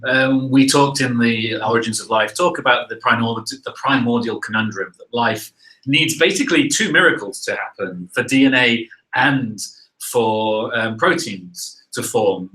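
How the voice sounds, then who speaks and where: A man hosts a live science Q&A, reading viewer questions aloud and answering at length. He talks loosely, thinking aloud with fillers and tag questions. His voice is bright and forward. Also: mid-range voice, moderate pace, rough recording. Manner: conversational, thinks aloud with "uh" and "right?".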